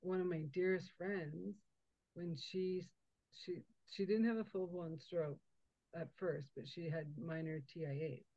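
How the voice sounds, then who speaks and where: A woman's voice: fairly low pitch, a little slow, no room sound, dull audio. Chatty woman podcast host. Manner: chatty, animated, laughs often. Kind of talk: casual interview chat.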